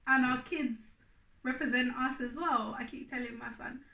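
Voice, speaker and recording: A woman with a high voice talks candidly about her marriage, livening up when she acts out old grievances. She sits a little back from the mic in an echoey room. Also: moderate pace, far from the mic. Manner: candid, animated when acting out remembered complaints. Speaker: wife co-hosting a marriage video. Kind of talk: casual chat.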